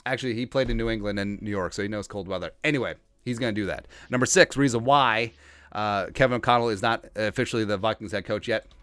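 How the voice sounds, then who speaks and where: A man hosting a sports podcast, riffing in a joking, rambling way and putting on quick mock voices for the people he talks about. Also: on the low side, fairly bright tone, clear, resonant tone, no room sound. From Asian heritage, Minnesota fan. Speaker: podcast host. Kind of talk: comedic sports commentary.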